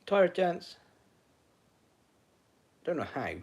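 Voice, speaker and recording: A man's voice: high voice, big pitch swings, drawn-out words, a little mellow. A man chatting casually on a live stream from home, rambling and talking to viewers and his dog.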